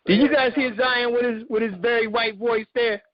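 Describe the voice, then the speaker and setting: A man hosts a casual interview with a high-pitched voice and a teasing, joking manner. His speech is loose and full of slang. The audio is dry and a little dull, like a lo-fi call. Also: steady tone, normal speed, no room sound. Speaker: interview host.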